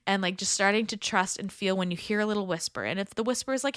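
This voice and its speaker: A woman's voice: mid-range voice, fast talker, hardly any pauses, fairly bright tone, dry recording, studio quality. A woman hosting a podcast, giving casual coaching advice in a chatty, upbeat way with lots of filler words. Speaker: podcast host.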